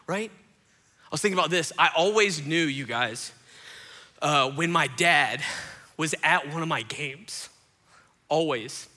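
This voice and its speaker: A middle-aged pastor preaching a sermon from a church stage, telling stories with big swings between loud bursts and hushed asides. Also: male voice, on the high side, unhurried, long pauses.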